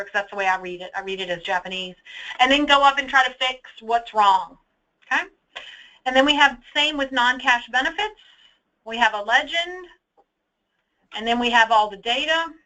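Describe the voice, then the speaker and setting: Bright-voiced woman leading a software webinar. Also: sits high, normal speed, low-quality recording. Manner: chatty, emphatic, checks in with "okay?". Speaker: data trainer. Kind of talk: webinar screen-share walkthrough. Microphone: computer mic for online webinar.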